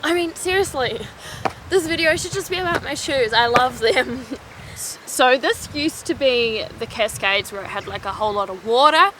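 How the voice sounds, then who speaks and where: A woman's voice: high voice, lively intonation, normal speed, background noise. A young woman from New Zealand chatting casually to camera as a vlogger, filling nearly every phrase with "like". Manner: chatty, fills with "like" constantly. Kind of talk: casual vlog chat.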